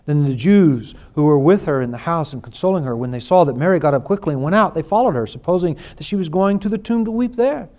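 A man preaching a sermon, reading scripture and swinging from hushed, slow lines to loud, drawn-out emphatic ones. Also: on the high side, expressive. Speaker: pastor.

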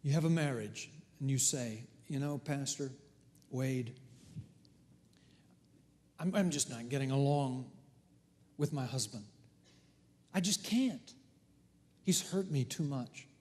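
A middle-aged man preaching a sermon as pastor, telling stories with big swings from hushed to loud. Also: mid-range voice, takes it slowly, pauses often. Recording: long hall reverb.

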